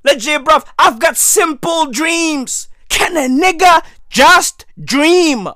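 A hoarse man losing his voice, delivering a loud, slangy comic rant that often breaks into shouting. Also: very high voice, takes it slowly, hardly any pauses, no room sound, studio quality.

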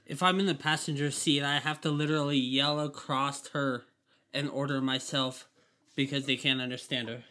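Man, American accent, podcast guest, casual chat, brief matter-of-fact remarks, mid pitch. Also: fairly even intonation, normal speed, sharp tone.

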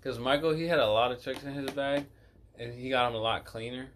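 A man's voice: mid-range voice, steady tone, a little fast, a loud crowd. A man chatting as a podcast guest, laid-back and slangy, with lots of filler words. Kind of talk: casual podcast chat.

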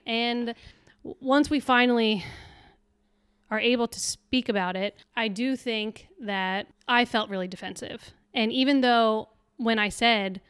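A woman's voice: fairly high pitch, unhurried, fairly bright tone, clean tone, no echo, studio quality. A young adult woman co-hosting a podcast, telling a story in casual chat and acting out the quotes. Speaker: podcast co-host.

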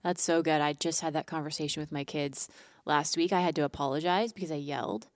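A woman co-hosting a faith podcast, speaking candidly and warmly, often laughing lightly as she talks. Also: deep voice, steady tone, brisk, dry recording, clean studio sound. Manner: candid, warm affirmations, laughs through lines. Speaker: podcast co-host. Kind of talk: casual faith podcast chat.

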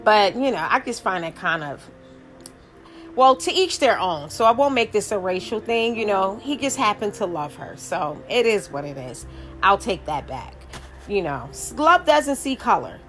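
A woman's voice: mid-range voice, sing-song, moderate pace, a bit bright, soft background music. A middle-aged woman vlogging, telling a story in a rambling, emphatic way, full of asides and restarts. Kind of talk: casual storytelling monologue.

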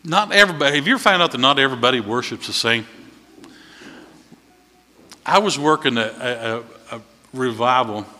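A man preaches in a church, telling folksy stories with a bright, forceful voice. His voice swells louder at key points, and a long reverb trails after his words in the hall. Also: mid-range voice, normal speed, long pauses. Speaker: visiting preacher. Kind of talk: sermon. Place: church sanctuary.

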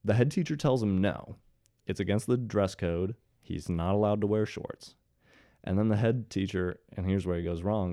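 Deep-voiced man telling a story with jokey asides. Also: moderate pace, warm tone, no room sound, clean studio sound. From Ohio, USA. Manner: jokey, sarcastic asides to the audience. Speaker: commentary host. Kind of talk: casual storytelling commentary.

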